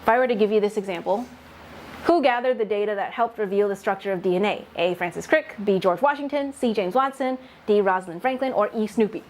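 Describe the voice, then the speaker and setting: A woman's voice: medium pitch, fast talker, a little mellow, slight background noise. A woman leading a teaching workshop for faculty, explaining test writing patiently with worked examples and light laughs. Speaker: faculty development presenter.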